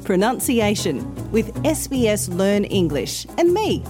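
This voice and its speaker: A woman hosting a pronunciation lesson podcast, speaking slowly and carefully enunciating each sound. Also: medium pitch, very animated, over music. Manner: slow, clear, carefully enunciated teaching. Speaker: pronunciation teacher and podcast host. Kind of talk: scripted instructional podcast.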